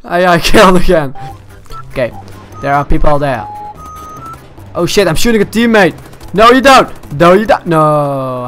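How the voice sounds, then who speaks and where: A young man commentating his gameplay, excitable, shouting and swearing at the game. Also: on the high side, unhurried, long pauses, faint music behind. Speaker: gaming channel host.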